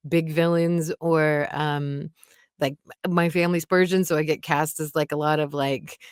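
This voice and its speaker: A woman's voice: low voice, fairly even intonation, normal speed, clear, resonant tone, dry recording, clean studio sound. Chatty, laughing woman narrator. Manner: chatty, laughs often, many fillers. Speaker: audiobook narrator, guest. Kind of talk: casual interview chat.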